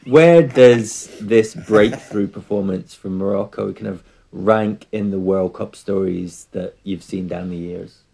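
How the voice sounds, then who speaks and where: A man's voice: on the low side, unhurried, creaky, hardly any pauses, warm tone. A man hosting a football podcast, introducing guests in a playful, mock-formal way. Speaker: podcast host. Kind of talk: casual podcast chat.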